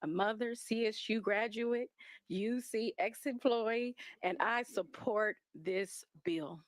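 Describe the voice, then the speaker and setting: A woman's voice: fairly high pitch, takes it slowly, dry recording. A woman from Los Angeles gives brief testimony at a hearing. She is composed and lists her credentials one after another. The recording is dry, with little room sound. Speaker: advocacy advisor testifying.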